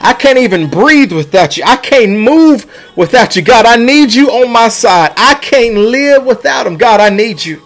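Preacher, high voice, fervent repeating cadence, soft music under him. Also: male voice, lively intonation, moderate pace, few pauses. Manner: impassioned, rising and falling, repeating lines. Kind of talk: sermon.

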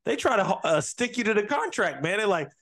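A man's voice: high voice, sing-song, fairly bright tone. A man co-hosting a podcast in casual chat, emphatic and full of slang. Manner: emphatic, slangy, quick agreement.

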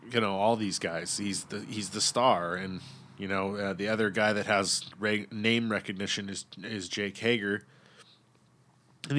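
A man's voice: low voice, a bit bright. A man chatting casually and at length, blunt and opinionated, swearing freely and rambling with lots of fillers and restarts.

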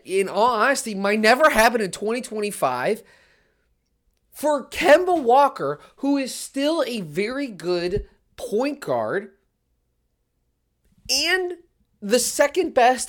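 Alone on her sports podcast, a woman with a voice on the high side rants excitedly and emphatically, repeating her key lines again and again.

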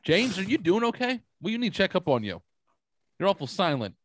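A man hosting a casual podcast, telling stories in an animated way and swearing freely. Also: high voice, brisk, no room sound. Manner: animated storytelling, swears a lot. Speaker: podcast host.

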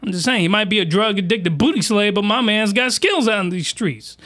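A man's voice: high voice, brisk, a bit bright. A man hosting a crude comedic reaction commentary, talking in rowdy, slangy, exaggerated outbursts. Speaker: commentary host.

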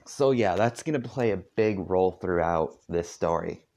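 A tired man casually reading a story aloud at home, halting often with asides. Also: deep voice, expressive, mellow. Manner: halting, with frequent asides and filler. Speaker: fanfiction reader. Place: dark room at home.

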